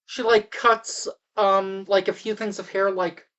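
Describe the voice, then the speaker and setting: A woman's voice: mid-range voice, level tone, unhurried, a bit bright, dull audio. A woman casually recapping a movie, rambling with fillers and restarts, and talking to the audience in asides.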